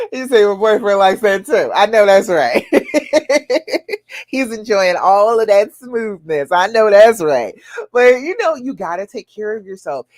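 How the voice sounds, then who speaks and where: Woman love coach, live-stream chat, laughs a lot, mid pitch, dry close mic. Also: no room sound. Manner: chatty, laughs often, swings pitch up when quoting viewers. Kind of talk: casual live-stream chat reading comments.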